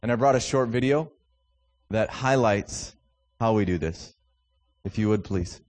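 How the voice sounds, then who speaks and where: A man's voice: fairly low pitch, a little slow, darkish tone. A man from Minnesota in his thirties or forties giving a guest sermon in a church, mixing joking, self-deprecating family stories with fervent preaching. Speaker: guest speaker from a youth ministry.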